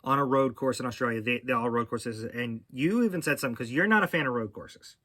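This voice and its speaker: A middle-aged man hosts a casual racing chat, rambling and restarting his sentences as he goes. His voice is bright and forward, and it sits close and dry with no room sound around it. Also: mid-range voice, fast, dry recording. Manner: rambling, with frequent fillers and restarts. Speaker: podcast host.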